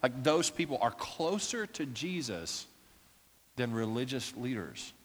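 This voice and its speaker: A man preaching a sermon as a pastor, with impassioned prayer that builds toward shouting. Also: mid-range voice, big pitch swings, a little slow, husky. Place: church. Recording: long reverb of a church hall.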